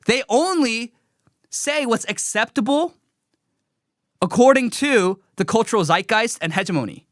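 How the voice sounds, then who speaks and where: A man hosting a live commentary show, talking in an animated, sarcastic way. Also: very high voice, dry recording, clean studio sound. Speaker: show host.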